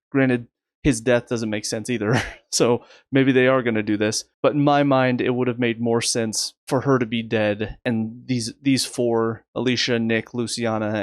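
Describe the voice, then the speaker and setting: A man talks through his review of a TV episode at a middle pitch, sounding exasperated and sarcastic. He often restarts his sentences. The recording is dry and close, with no room sound. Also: dry recording. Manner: rapid recaps in a flat list. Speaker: TV review host. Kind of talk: casual video review.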